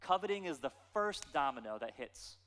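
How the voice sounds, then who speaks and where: Pastor in his 30s, preaching with a fairly high, lively voice; long church-hall reverb. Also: normal speed. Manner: animated storytelling with playful asides. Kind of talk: sermon.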